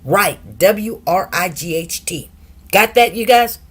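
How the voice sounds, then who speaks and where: A woman's voice: medium pitch, expressive, slow pace, a bit bright, breathy edge. A middle-aged woman chatting casually on a livestream, greeting viewers by name and stretching out some words. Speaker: livestream host.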